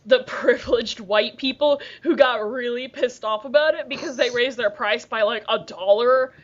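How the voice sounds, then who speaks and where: A young woman from America co-hosts a casual podcast, her voice sitting slightly high. She curses freely and laughs often. The audio is dull and lo-fi, like an online call. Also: moderate pace. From United States. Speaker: podcast co-host. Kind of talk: casual chat.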